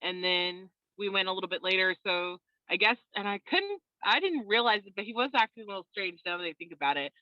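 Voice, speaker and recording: A woman's voice: mid-range voice, quick pace, few pauses, dry recording. Woman on a video call telling her story, laughs a lot, kinda dull lo-fi sound, dry. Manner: animated storyteller, laughs often. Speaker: interview guest. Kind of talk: casual video call chat.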